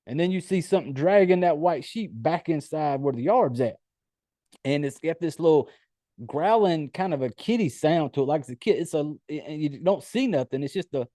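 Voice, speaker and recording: A man's voice: a little high, dark tone, no echo, clean studio sound. Casual, profane man recapping a film. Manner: loose, profane storytelling with many fillers. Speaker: podcast host. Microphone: home computer setup.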